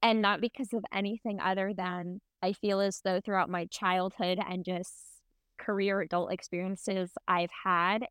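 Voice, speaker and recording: A woman's voice: mid-range voice, a bit bright, clean tone, no room sound. Earnest young woman podcaster, dry close mic. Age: under forty. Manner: earnest, reflective, laughs at herself. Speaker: podcast co-host. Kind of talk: candid casual chat.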